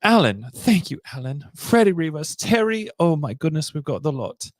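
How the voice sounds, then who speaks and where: A man's voice: on the high side, very animated, normal speed, dry recording, clean studio sound. A young man hosting a casual livestream show, playful and theatrical, drifting into silly voices, talking over a video call. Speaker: podcast host.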